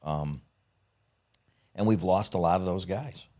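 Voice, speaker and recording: A man's voice: sits low, measured pace, mellow. A man telling profane stories in casual chat, acting out the people he quotes. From United States. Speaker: podcast guest. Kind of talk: casual storytelling.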